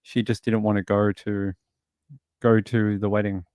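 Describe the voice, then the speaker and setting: A man's voice: on the low side, flat delivery, a little slow, darkish tone, dry recording, clean studio sound. An Australian man hosting a livestream, chatting casually and rambling through stories while answering viewers. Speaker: livestream host.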